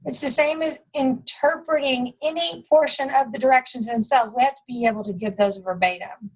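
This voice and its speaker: A woman leading a staff training session, reading rules from a testing manual in a steady instructional way and repeating key points. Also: high-pitched, moderate pace, breathy edge, rough recording. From United States. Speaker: test administration trainer.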